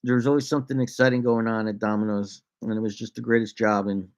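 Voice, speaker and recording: A man's voice: lowish voice, level tone, fast talker, highs cut off. Laid-back rambling man telling a story. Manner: laid-back, rambling, laughs a lot, breaks into made-up sing-song bits. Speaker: vlogger. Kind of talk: casual storytelling to camera.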